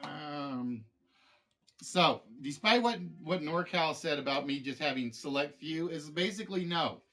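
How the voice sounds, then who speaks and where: Rambling, fairly high-voiced streamer man. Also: animated, unhurried, a bit bright. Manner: rambling, many fillers and restarts. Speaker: game show streamer host. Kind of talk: casual chat with stream viewers.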